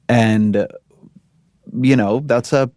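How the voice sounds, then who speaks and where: A man who once ran a media company, speaking as a guest in a thoughtful, measured way with frequent restarts. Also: mid-range voice, fairly even intonation, darkish tone, dry recording, studio quality. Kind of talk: interview conversation.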